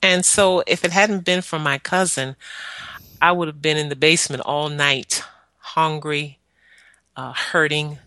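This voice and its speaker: A woman tells her own story in an earnest, halting way, stopping often to gather her words. Her voice is bright and forceful. It sits dry and close, with no room sound around it. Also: deep voice, steady tone, no room sound. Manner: earnest, halting with frequent pauses. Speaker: guest sharing her life story. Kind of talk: personal testimony, storytelling.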